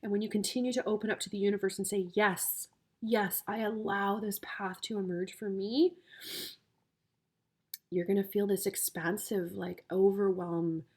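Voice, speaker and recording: An emotional woman coaching her viewers through a tarot reading. Her voice sits at an average pitch, and her delivery is gushing and heartfelt. She is easily moved, almost tearful. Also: flat delivery, moderate pace, a little mellow.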